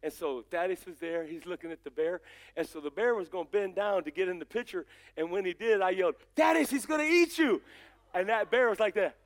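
A man pastor giving a fervent sermon in church, folksy and joking, calling out to people in the congregation and rising to shouts. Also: high voice, fast. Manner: fervent preaching that rises to shouts.

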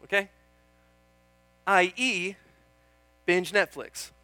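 A man's voice: sits high, drawn-out words, pushed and bright, clean tone, no room sound. A young man preaching a sermon in an earnest, chatty way, often calling out "Amen?" and joking about himself. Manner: self-deprecating, laughs at himself.

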